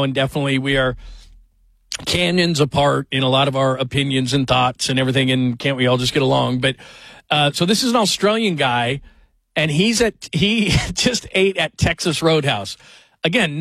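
A man's voice: fairly high pitch, dry recording. A man in his forties hosting a radio show, telling stories in a rambling, self-mocking, casual way. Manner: rambling, self-deprecating, animated storytelling. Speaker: radio host. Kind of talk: casual chat.

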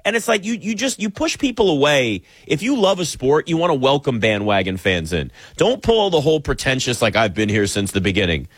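A man from the United States hosting an opinionated sports talk segment, animated and sarcastic as he rants. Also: on the high side, a little fast, hardly any pauses, husky, no room sound. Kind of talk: opinionated sports commentary monologue.

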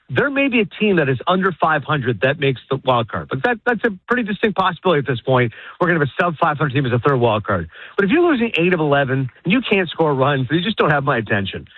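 A man, a guest on a sports radio show, ranting in rapid, animated, opinionated bursts over a phone call. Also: fairly high pitch, breathy edge, no room sound. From Canada. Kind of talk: casual sports radio chat. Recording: tinny phone line.

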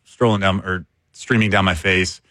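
A man's voice: sits low, steady tone, normal speed, pushed and bright, no echo, clean studio sound. A man who is a baseball broadcaster chatting casually on a sports radio show, rambling and repeating words as he tells stories.

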